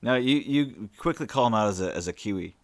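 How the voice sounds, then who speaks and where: A man's voice: lowish voice, lively intonation, a little fast. A man running a tabletop game as game master, talking casually and swearing freely.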